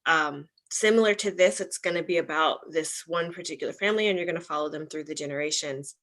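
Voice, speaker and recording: A young woman hosting an online book club on a livestream, with a slightly low voice. She chats casually and rambles, filling her sentences with ums and likes. She sounds like she is at home in front of her computer mic. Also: fast, a bit bright.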